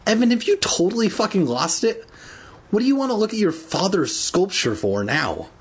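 A man voicing a feisty, sharp-tongued schoolgirl in a comic storybook reading, raising his voice high and exasperated. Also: sing-song, slow, husky, heavily acted. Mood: incredulous. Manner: exasperated, high-pitched questioning.

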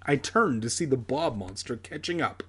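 A man's voice: medium pitch, lively intonation, moderate pace, fairly bright tone, breathy edge. A young man reading a children's horror book aloud with sardonic, crude comic asides. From San Diego area.

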